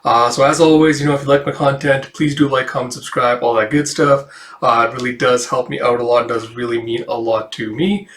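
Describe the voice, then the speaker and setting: A man's voice: mid-range voice, fairly quick, roomy sound. Laid-back guy. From Canada. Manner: relaxed, lots of filler "uh"s. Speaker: channel host. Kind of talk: casual read-through commentary.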